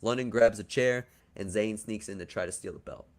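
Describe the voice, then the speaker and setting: A man with a lowish, darkish-toned voice talks briskly while hosting a podcast. He casually lays out a wrestling storyline he wrote, joking along the way and sometimes turning crude.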